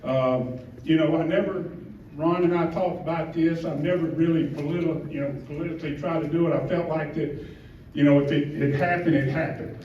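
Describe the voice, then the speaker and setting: A man's voice: a little high, fairly even intonation, brisk, a little hiss or hum. A middle-aged man giving a heartfelt, rambling acceptance speech at an event, joking about himself and getting emotional. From Georgia. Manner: rambling, heartfelt, self-deprecating. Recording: distant roomy mic with muffled sound.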